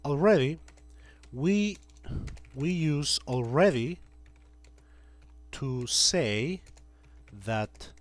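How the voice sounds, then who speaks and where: Slow, patient man teaching grammar. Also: a little high, animated. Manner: slow, patient, repeats example sentences. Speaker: English teacher. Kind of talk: classroom grammar lesson. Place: classroom with students.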